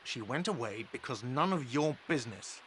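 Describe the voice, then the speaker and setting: A man's voice: medium pitch, lively intonation, moderate pace, fairly bright tone, a little hiss or hum, close to an everyday voice. A man voicing an irritable, weary cafe manager in a video game, curt and defensive. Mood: grumbling.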